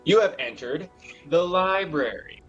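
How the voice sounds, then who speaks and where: A man narrating and running a tabletop role-playing game as game master, animated and storytelling. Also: a little high, a little slow, lo-fi sound, soft background music. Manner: animated storytelling, does voices.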